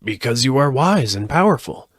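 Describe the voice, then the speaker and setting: A man's voice: mid-range voice, very animated, moderate pace, no room sound, clean studio sound, voice pushed up. A man voicing a humble straw scarecrow in a storybook reading, earnest and pleading in a slightly raised voice.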